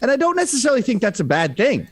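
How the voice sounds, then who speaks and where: Male debater, quite high voice, earnest and defensive, bone-dry recording. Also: huge pitch swings, very fast, breathy edge, no room sound. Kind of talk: heated debate.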